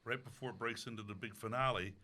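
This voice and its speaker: A man, an opera singer, telling a story about a stage role in casual chat, lively and quick to laugh. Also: on the low side.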